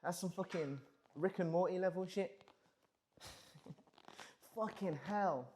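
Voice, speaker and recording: A man's voice: high voice, takes it slowly, darkish tone, slight background noise. A man in his thirties musing casually and profanely on a livestream, rambling through big questions. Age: 30s. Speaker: streamer.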